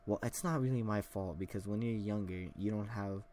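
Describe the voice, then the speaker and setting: A young man with a slightly low voice hosts a solo podcast episode, wandering through a childhood story. He talks casually, full of "uh" and "like" and restarts. A faint background hiss sits under the recording. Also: fairly quick, warm tone. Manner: rambling, many fillers and restarts. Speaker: podcast host.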